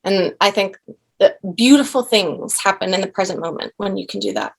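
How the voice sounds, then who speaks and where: A woman in her thirties talks freely as an interview guest, at a middle pitch. She is effusive, and she circles back on her words with restarts and asides. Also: moderate pace, gravelly. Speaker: actor and director, interview guest. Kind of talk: casual interview chat.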